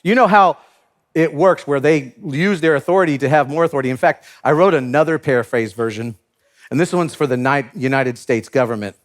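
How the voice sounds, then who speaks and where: A man preaching a sermon in an animated way, laughing often and acting out the disciples in comic voices. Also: fairly high pitch, fairly quick. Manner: animated, acts out biblical characters with comic voices. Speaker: pastor.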